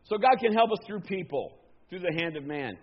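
A man's voice: high-pitched, expressive, brisk, slightly rough, muffled recording. A man preaching a sermon to his congregation in a folksy, conversational way, asking them questions. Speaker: pastor.

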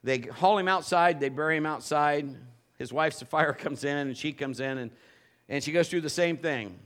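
Animated male preacher, slightly high voice. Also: normal speed. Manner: animated, swings from loud bursts to low intimate tones. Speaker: pastor. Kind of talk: sermon.

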